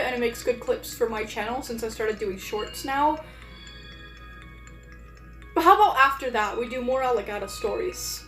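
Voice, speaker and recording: Rambling streamer woman, echoey room. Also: fairly high pitch. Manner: rambling, many fillers and restarts. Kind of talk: casual live-stream chat.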